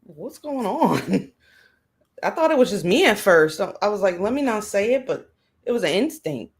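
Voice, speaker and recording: A woman's voice: medium pitch, sing-song, normal speed, slightly rough. A woman hosting a livestream, giving blunt, sarcastic commentary with plenty of swearing. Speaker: stream host reacting to a livestream. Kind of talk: casual commentary.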